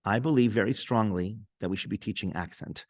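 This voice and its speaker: A man's voice: on the low side, a little fast, darkish tone, no room sound, clean studio sound. A middle-aged man whose first language is French, hosting a conversation as a cantor and making his points earnestly and emphatically. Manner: earnest, emphatic, repeats himself as he builds a point. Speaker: cantor and host. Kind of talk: conversational interview.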